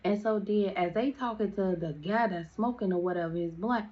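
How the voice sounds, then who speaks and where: A woman's voice: medium pitch, brisk, muffled recording. A young woman chatting through a storytime in a casual, slangy way, with lots of "like" fillers.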